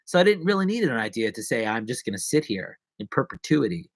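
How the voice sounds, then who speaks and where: A man's voice: mid-range voice, very animated, quick pace, no echo. A man talking casually on a live stream, rambling and joking at himself with many restarts. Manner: rambling, self-mocking, many restarts and asides.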